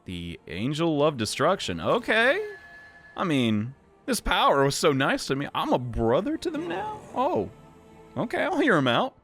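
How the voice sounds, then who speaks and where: A man's voice: fairly high pitch, huge pitch swings, measured pace, a bit bright, faint music behind. A young man casually commenting on his gameplay, joking and exclaiming, with rambling asides. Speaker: let's play host.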